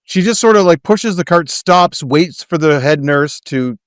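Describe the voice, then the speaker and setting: A man co-hosts a casual movie podcast, dropping wry jokes and laughing often. His voice sits a little high for a man, and the sound is dry and close. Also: lively intonation, measured pace, no echo. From Canada. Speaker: podcast co-host.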